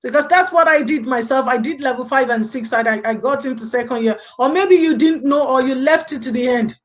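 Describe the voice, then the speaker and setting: A woman with a high-pitched voice speaks fairly quickly while hosting a relaxed live stream. As an early childhood lecturer, she rambles through viewer comments, often using "okay" and "you know."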